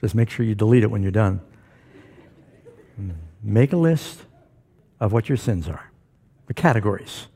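Pastor, male, folksy preacher with a husky, warm voice, working a live church crowd. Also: fairly low pitch, animated, a little slow, pauses often. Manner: folksy, joking preacher who asks the crowd for responses. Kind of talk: sermon to a congregation. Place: church before a live congregation.

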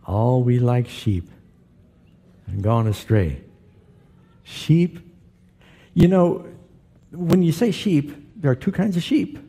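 Middle-aged guy preaching, pretty dark mellow voice, kinda husky, jokey storyteller. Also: medium pitch, slow, long pauses. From Southern California. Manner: storytelling with humor, asks the congregation questions. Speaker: pastor. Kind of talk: sermon.

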